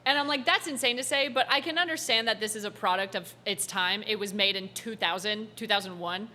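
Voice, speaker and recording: A young American woman chatting through a game stream, animated and giggly and full of "like". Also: medium pitch, fairly quick, a little hiss or hum. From United States. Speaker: gaming streamer. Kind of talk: casual gameplay commentary. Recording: game music in the background. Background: game music.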